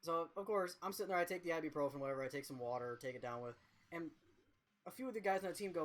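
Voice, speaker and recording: A man's voice: on the high side, expressive, rapid-fire. A young man streaming a game, telling a rambling, profane, self-mocking story in casual chat.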